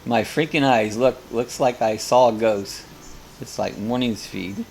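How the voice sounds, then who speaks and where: A man's voice: mid-range voice, unhurried, gravelly, a little mellow, slight background noise. An older man hosting a live coffee chat, casually reading viewer comments aloud and rambling between them.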